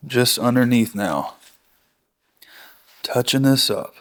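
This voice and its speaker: A barbecue instructor with a medium-pitched voice at a moderate pace gives an enthusiastic, casual cooking tutorial in real time. He chats as he walks viewers through each step, correcting himself now and then.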